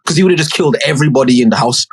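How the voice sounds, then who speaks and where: A man's voice: medium pitch, rapid-fire, husky. A young man, co-hosting a casual podcast and animatedly recapping a TV show with lots of swearing. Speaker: podcast co-host. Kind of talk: casual banter podcast chat.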